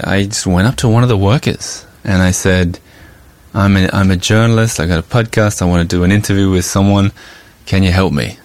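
A man with a low voice hosts a podcast and recounts his own adventure in an easygoing, conversational way. He loops back with little asides and fillers as he goes. The recording is dry and close, with no room sound. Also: no echo. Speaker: podcast host and journalist. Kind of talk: casual storytelling monologue.

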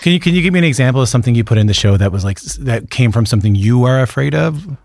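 Quick-talking man interviewing, dry close sound. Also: medium pitch, expressive, gravelly, darkish tone, dry recording. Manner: quick questions with frequent restarts.

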